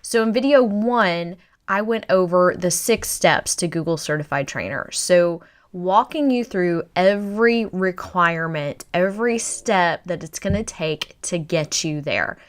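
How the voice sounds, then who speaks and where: A woman's voice: on the low side, unhurried, few pauses. A woman who works as a digital learning coach, talking the viewer through her online training course in an upbeat, persuasive way. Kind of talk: promotional course presentation.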